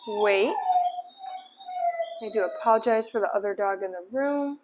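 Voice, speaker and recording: A woman's voice: fairly high pitch, fast talker, heavy background noise. A woman dog trainer explaining each step while giving short commands and praise to a dog in an indoor room. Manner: upbeat praise, firm cues.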